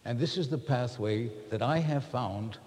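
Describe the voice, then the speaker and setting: A man's voice: medium pitch, a little slow, a little mellow. A man giving a personal, confessional talk to a live group, earnest and reflective as he speaks to the room. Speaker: workshop speaker. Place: large room with an audience. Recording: reverberant hall.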